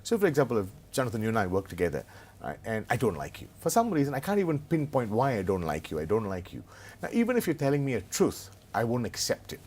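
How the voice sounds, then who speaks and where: A man's voice: mid-range voice, huge pitch swings, fast, darkish tone, slightly rough. A middle-aged man, a consultant telling humorous, self-mocking anecdotes in a conversational interview. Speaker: business consultant and author as guest.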